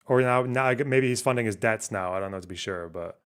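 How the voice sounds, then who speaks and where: A man's voice: fairly low pitch, fast talker, clear, resonant tone. A man commenting on a live stream, reacting to a clip with sarcastic, profane remarks. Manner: sarcastic, profane, laughs at the video.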